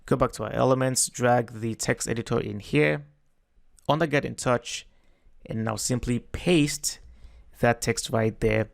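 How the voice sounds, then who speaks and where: A man giving a relaxed, step-by-step screen-recorded web design tutorial, correcting himself as he goes. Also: medium pitch, a little slow, gravelly, dry recording, clean studio sound.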